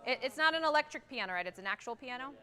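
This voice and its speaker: Energetic woman conducting a band rehearsal. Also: sits high, rapid-fire, a faint crowd. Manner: energetic, sings rhythms aloud. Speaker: guest conductor. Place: large theatre stage. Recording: reverberant hall.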